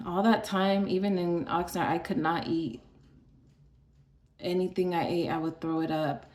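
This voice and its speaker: Woman from arizona just talking it out casual, kinda low voice, echoey room, lots of likes and ums. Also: steady tone, unhurried, darkish tone. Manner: chatty, filler-heavy, sighs between thoughts. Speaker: vlogger sharing her illness story. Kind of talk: casual storytelling.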